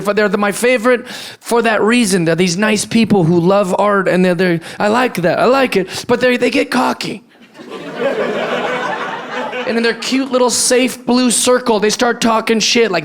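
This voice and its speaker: A man doing a stand-up routine, mocking and profane, with animated rants. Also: sits high. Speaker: stand-up comedian. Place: comedy club stage with live audience. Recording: live club recording with loud audience laughter.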